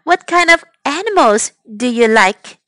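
Woman, kids' english teacher, high lively sing-song, slow, bright, dry close sound. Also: no room sound. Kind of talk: bilingual storybook lesson.

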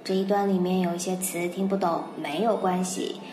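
A Mandarin-speaking woman with a lowish, dark voice talks fairly quickly in a steady tone. She is giving a bilingual storytelling lesson, telling a children's story and patiently explaining English words, repeating phrases as she goes. The recording sounds roomy, with faint music underneath.

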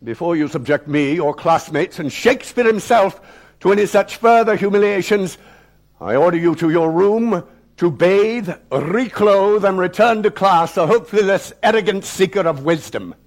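A man's voice: high voice, animated, moderate pace, pitched above the performer's own voice. A man voicing a furious older male schoolmaster in a theatrical storytelling performance; the character shrieks with spitting rage or turns to icy formality.

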